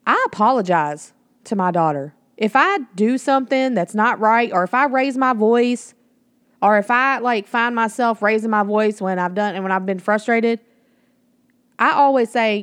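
A woman's voice: on the high side, normal speed, no room sound, clean studio sound. A woman in her thirties hosting a podcast, talking in a blunt, emphatic way with plenty of swearing, on a home mic that picks up the room. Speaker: podcast host. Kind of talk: casual spoken monologue.

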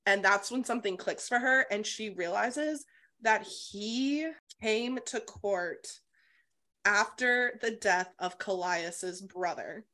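A woman co-hosts a relaxed book-club podcast with a middle-pitched voice. She retells the plot in an animated way and swears freely. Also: slow pace. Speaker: podcast co-host. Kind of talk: casual book-club chat.

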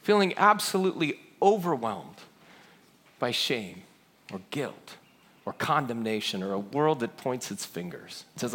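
A man's voice: mid-range voice, big pitch swings, measured pace, a bit bright. A man preaching a sermon, telling a story with earnest feeling and acting out the quoted lines. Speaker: pastor.

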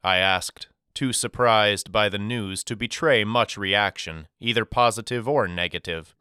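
A man narrating a first-person novel for an audiobook in a measured, expressive storytelling manner. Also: on the low side, clear, resonant tone, no echo, clean studio sound.

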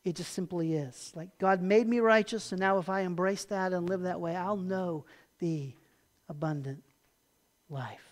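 Preaching at a measured pace, this pastor reads scripture aloud with mounting emphasis before explaining it in an easy, conversational manner. He poses rhetorical questions and tends to finish each point softly and low.

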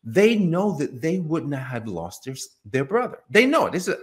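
Animated man preaching casually. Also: fairly high pitch, normal speed. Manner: animated, acts out biblical dialogue in character voices; conversational, many fillers like "you know" and "man". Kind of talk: informal sermon.

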